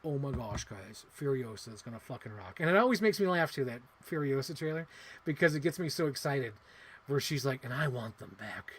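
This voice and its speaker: A man in his thirties hosting a casual livestream, rambling excitedly and swearing casually. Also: medium pitch, fairly quick. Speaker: livestream host.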